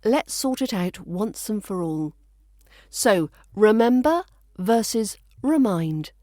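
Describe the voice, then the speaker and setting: A woman with a British RP accent teaching pronunciation, speaking slowly and clearly and repeating each word for practice. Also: medium pitch, lively intonation, warm tone, no room sound, studio quality. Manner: slow, carefully enunciated, repeats words for practice. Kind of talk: scripted accent lesson.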